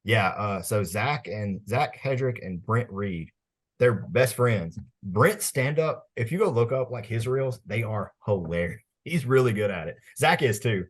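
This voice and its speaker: A man's voice: lowish voice, expressive, a little slow. A man, co-hosting a podcast in casual chat, laid-back and telling stories with frequent laughs. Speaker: podcast co-host.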